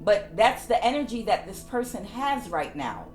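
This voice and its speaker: A woman's voice: medium pitch, very animated, moderate pace, loud music behind the voice. A woman tarot reader giving a casual spiritual reading, repeating her phrases for emphasis.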